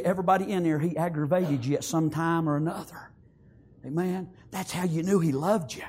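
A man preaching an emotional funeral sermon in a church, repeating himself and halting, then swelling into tearful, emphatic exclamations. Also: fairly high pitch, husky. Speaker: pastor at a memorial service. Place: church sanctuary.

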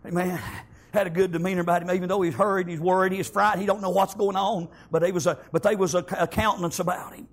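A man preaches a sermon, telling the story in folksy speech, breaking into shouted bursts, and scattering amens throughout. His voice is high with little pitch movement, and he talks fast.

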